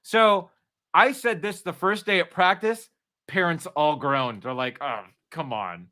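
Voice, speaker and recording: A man in a casual chat, telling animated stories and acting out the people in them. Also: high-pitched, a little slow. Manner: animated storyteller, acts out quotes.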